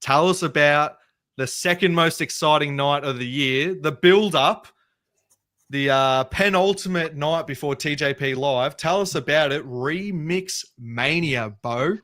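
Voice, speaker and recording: A man's voice: fairly high pitch, a little slow, fairly bright tone. An Australian man hosting a casual sports podcast, joking and steering the agenda. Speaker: podcast host.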